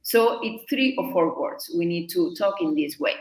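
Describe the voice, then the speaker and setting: A woman who is a native Spanish speaker and a Spanish teacher, explaining learning tips in a lively, emphatic way with punchy "boom" accents. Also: normal speed, roomy sound, poor audio.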